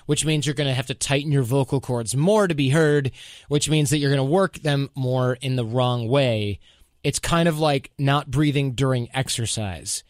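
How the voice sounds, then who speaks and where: A male podcast host talking casually, handing out advice in an animated way and acting out quotes. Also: medium pitch, dry recording, clean studio sound. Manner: animated, advice-giving, mock-quoting himself.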